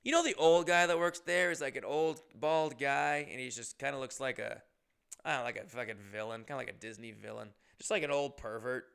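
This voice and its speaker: A man's voice: medium pitch, brisk, gravelly, a bit bright, clean tone. A young man hosting a comedy podcast, telling stories casually, rambling and profane, and often interrupting himself.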